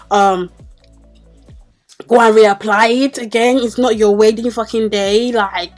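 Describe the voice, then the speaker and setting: A woman's voice: a little high, steady tone, measured pace, long pauses, soft background music. A young adult woman telling a story to camera as a beauty vlogger in a casual, chatty and exasperated way, with many fillers.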